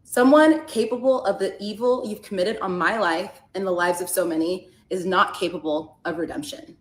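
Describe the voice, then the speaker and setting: A woman's voice: medium pitch, normal speed, echoey room. A woman podcast host candidly retelling a personal story and acting out the quoted dialogue.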